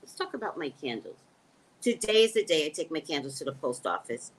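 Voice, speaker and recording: A woman's voice: sits low, brisk. A woman hosting a casual live stream, reading viewer comments aloud and answering them in a blunt, joking way. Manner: blunt, joking, lively, laughs often.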